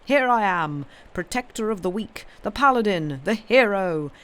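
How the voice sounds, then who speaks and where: A woman's voice: medium pitch, expressive, normal speed, a bit bright, voice pushed up, lightly acted. A woman voicing a swaggering little male armored fish who bellows boasts. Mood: boastful.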